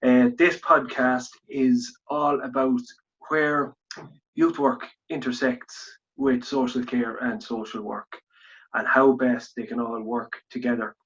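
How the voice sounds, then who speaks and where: Irish co-host with a Kildare accent, mid-pitched, rambling and chatty, muffled lo-fi podcast audio. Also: male voice, takes it slowly, a bit bright. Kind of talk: casual podcast chat and interviewing.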